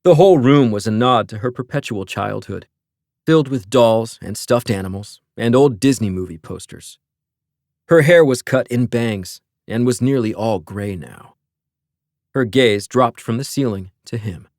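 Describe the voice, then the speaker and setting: A man reading an audiobook as narrator, in a measured storytelling manner. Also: mid-range voice, a little mellow, no room sound, studio quality. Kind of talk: scripted narration.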